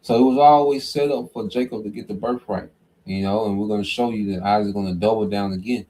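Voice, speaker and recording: Male bible teacher, low voice, chatty, keeps asking "okay?". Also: steady tone, fast, dark tone, slight background noise. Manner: conversational, peppered with "okay?" and "man". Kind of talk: informal scripture teaching.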